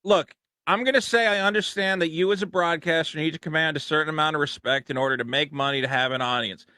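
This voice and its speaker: Man, sardonic and deadpan, high bright voice. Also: quick pace, smooth, dry recording. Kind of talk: podcast argument.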